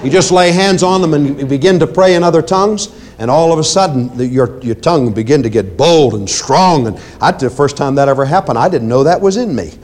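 A male preacher with a somewhat high voice delivers an emphatic sermon. He swings between loud, forceful commands and quieter asides, repeating his phrases for emphasis. He speaks directly to his congregation. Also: a little fast, hardly any pauses. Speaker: preacher teaching deliverance ministry.

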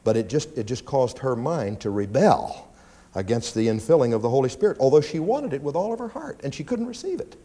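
A pastor preaching a sermon in church, animated and often mimicking whining prayers. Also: male voice, fairly quick. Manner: animated preaching, acts out pleading prayers in a high whine.

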